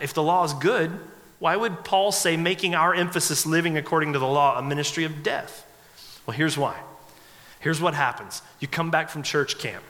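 A man with a bright, forceful, fairly high voice preaches a sermon in a conversational way. He jokes with the congregation and acts out hesitant prayers. His voice rings out with a long reverb through the church hall. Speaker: pastor. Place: church sanctuary.

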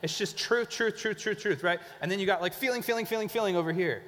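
A man's voice: high-pitched, fast talker. Man preaching in a reverberant hall. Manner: conversational, animated, acts out people he describes. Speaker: pastor. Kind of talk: sermon. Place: church.

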